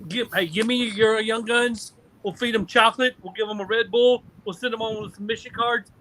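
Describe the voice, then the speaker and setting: Bright, boisterous male team leader. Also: high-pitched, fairly even intonation, brisk, a little hiss or hum, low-quality recording. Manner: boisterous, joking. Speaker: team commander. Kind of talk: casual chat.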